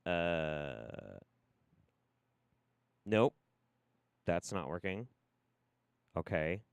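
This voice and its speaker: A man's voice: fairly low pitch, very animated, moderate pace, smooth, no echo, clean studio sound. Exasperated, swearing male live streamer. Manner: profane, exasperated rambling. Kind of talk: casual live stream chat.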